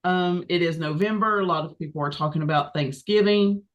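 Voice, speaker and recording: A woman hosting a podcast with her sisters, talking in an easygoing way. She pauses often and fills the gaps with ums as she gathers her thoughts. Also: lowish voice, dull audio. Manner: relaxed, many ums and pauses. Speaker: podcast co-host. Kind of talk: casual chat.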